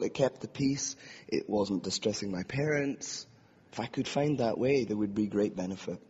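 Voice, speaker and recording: A husky man speaks earnestly from behind a podium and gives a reflective personal testimony. His words carry a long reverb across the hall. The recording sounds dull and lo-fi. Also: on the low side, a little mellow. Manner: earnest and reflective, acts out inner voices. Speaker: preacher.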